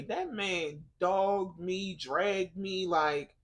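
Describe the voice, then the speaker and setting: A woman vlogging in a casual, faith-based chat, telling stories in an animated, emotional way with lots of laughter and "like". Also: mid-range voice, a little slow. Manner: chatty storytelling, lots of "like".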